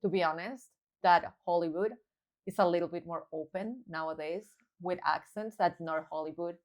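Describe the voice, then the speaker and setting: Mexican-accented woman, thirties, podcast co-host, low-ish voice, chatty and animated. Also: normal speed. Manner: chatty, laughing, animated storytelling. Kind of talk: casual chat.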